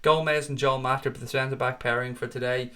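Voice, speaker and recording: A man's voice: medium pitch, level tone, a little fast, a bit bright. Dublin Irish man in his thirties, chatty. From Ireland. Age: 30s. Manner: chatty, swears freely, calls viewers mate. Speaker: watchalong host. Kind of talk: casual live stream chat reading comments.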